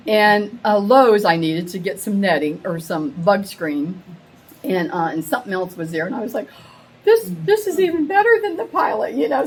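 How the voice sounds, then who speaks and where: A middle-aged woman telling a rambling, excitable story to a small live group, acting out the quotes with big jumps in her voice. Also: lowish voice, slightly rough, low-quality recording. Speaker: meetup attendee sharing a story. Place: women's meetup gathering, audience laughing.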